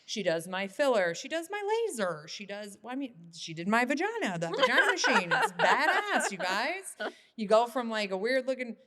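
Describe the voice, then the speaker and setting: A woman hosting a podcast in casual chat, candid and quick to laugh, swearing lightly as she goes. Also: a little high, sing-song, sharp tone. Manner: candid, laughs often, says freaking a lot. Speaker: podcast host.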